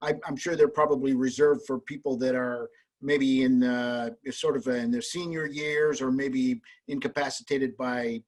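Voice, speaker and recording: A man's voice: mid-range voice, steady tone, moderate pace. A man hosting a casual interview, asking friendly, rambling questions. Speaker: host.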